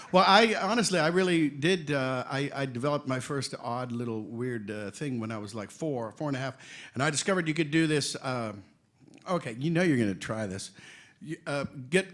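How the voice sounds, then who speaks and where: An older man in his sixties tells stories on a convention panel in a slightly high voice. He is bright and forceful, animated, joking and quick to laugh. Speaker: voice actor guest on a convention panel. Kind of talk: anecdotal panel storytelling.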